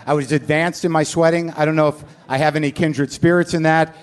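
High-voiced profane comedian host, live. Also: male voice, fairly quick, slight background noise. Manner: excitable, profane, self-deprecating rants. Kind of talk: live stand-up podcast monologue. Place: live venue with audience.

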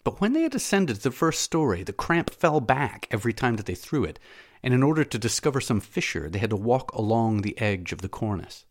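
A man narrating a classic novel as an audiobook, in a measured, steady reading. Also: medium pitch.

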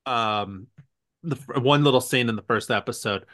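In an easygoing podcast conversation, a male co-host talks at a moderate pace with a medium-pitched voice. He's quick to laugh and brings real energy to his anecdotes.

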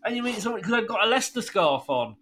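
A man's voice: sits high, sing-song, rapid-fire, fairly bright tone, a little hiss or hum. A middle-aged man hosting a radio show, chatting with a caller and laughing through his stories. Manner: chatty storyteller, laughs often. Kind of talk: casual chat with a caller.

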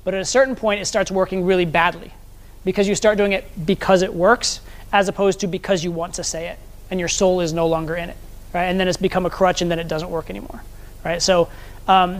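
A man teaching a live seminar as a social skills coach, talking conversationally and often checking in with the audience. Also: high-pitched.

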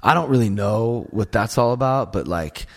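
A man's voice: lowish voice, expressive, normal speed. A man in casual chat, telling rambling, profane stories packed with "like" and filler. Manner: rambling, profane storytelling, heavy use of "like".

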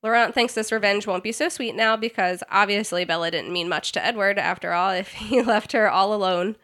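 A woman's voice: mid-range voice, brisk, a bit bright. A woman podcast host giving a giggly, sarcastic recap of a book chapter in casual chat.

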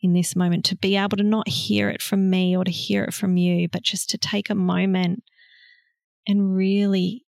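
A woman guest on a podcast, speaking in a soft, slow, heartfelt way with long pauses. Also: mid-range voice, gravelly, dry recording, studio quality. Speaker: guest, motherhood facilitator. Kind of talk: slow reflective conversation.

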